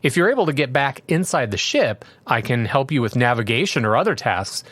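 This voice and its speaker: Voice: mid-range voice, very animated, a little fast, a bit bright, no echo. A voice playing a chipper rambling chatbot AI. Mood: eager. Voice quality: chipper, rambling, boilerplate helpfulness. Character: overly polite chatbot AI, cheerful and unhelpful. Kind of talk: comedic reading of chatbot replies.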